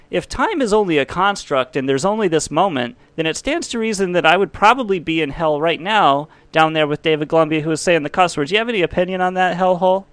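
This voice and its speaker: A man's voice: a little high, creaky, a bit bright, no echo. A man hosting a podcast, talking in a rambling way that swings between jokey bits and heartfelt reflection. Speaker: podcast host. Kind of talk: casual podcast monologue.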